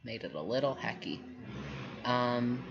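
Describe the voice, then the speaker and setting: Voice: mid-range voice, lively intonation, measured pace, gravelly. A workshop instructor giving a live drawing tutorial, rambling and self-deprecating, with lots of fillers. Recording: muffled lo-fi stream audio.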